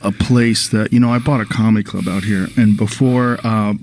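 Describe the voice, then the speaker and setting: A man's voice: on the low side, fairly even intonation, normal speed, darkish tone, slight background noise. A man hosting a casual conversation, telling a story in an earnest way and posing questions. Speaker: podcast host.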